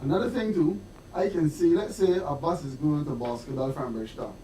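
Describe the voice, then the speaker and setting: A man's voice: on the high side, fairly quick, mellow, recorded from a distance, a little hiss or hum. A Barbadian man on a discussion panel, walking through examples and checking in with "right?". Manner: lays out scenarios, asks "right?". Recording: roomy, off-mic.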